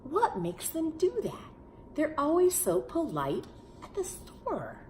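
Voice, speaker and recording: A woman voicing a polite, friendly male lion from a picture book, with a gentle, wondering manner. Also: sits high, huge pitch swings, slow, slight background noise, pitched above the performer's own voice, exaggerated voice. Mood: puzzled. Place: at home.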